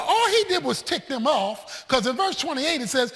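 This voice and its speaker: A male pastor preaching in an animated, joking way, his voice very high and bright. He swings his pitch up and down and often shouts. The sound carries a long church reverb. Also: moderate pace, hardly any pauses. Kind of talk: sermon.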